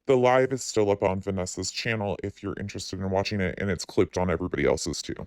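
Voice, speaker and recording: A man hosting a channel, speaking a pointed commentary voice-over and asking sharp questions. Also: deep voice, fast, no room sound, clean studio sound.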